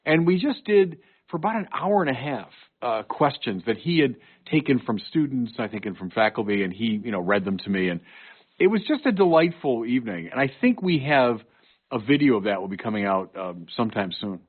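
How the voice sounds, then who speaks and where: A bishop talking in phone-band sound. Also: male voice, mid-range voice, very animated, fairly quick, breathy edge, phone-quality sound. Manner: earnest, emphatic, storytelling. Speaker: bishop, show guest. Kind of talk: conversational podcast chat. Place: home studio.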